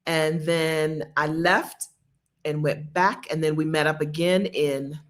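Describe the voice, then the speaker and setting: A low-pitched American woman takes her time telling travel stories to viewers in Bogota. She's a travel vlogger whose relaxed chat is animated and often broken up by laughter.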